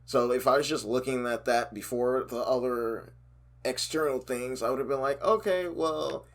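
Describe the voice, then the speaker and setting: A man's voice: mid-range voice, moderate pace. A man co-hosting a podcast in casual chat, laughing often and restarting his sentences. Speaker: podcast co-host.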